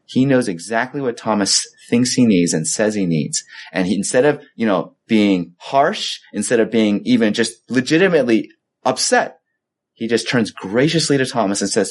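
A man's voice: fairly low pitch, normal speed. Conversational man preaching a sermon. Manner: conversational storytelling, animated when quoting himself. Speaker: pastor. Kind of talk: sermon with a personal story.

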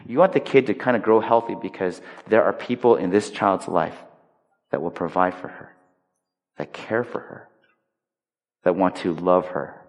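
A male pastor giving a conversational, emphatic sermon, swinging between loud stressed lines and hushed quiet points. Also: deep voice, normal speed, long pauses. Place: large hall. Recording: long reverb of a large hall.

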